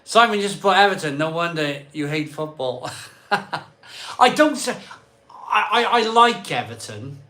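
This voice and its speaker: A man hosting a live stream from his chilly home conservatory bar rambles chattily through viewer comments, frequently repeating himself. His voice is fairly high, bright and forceful, with lively intonation and an unhurried pace.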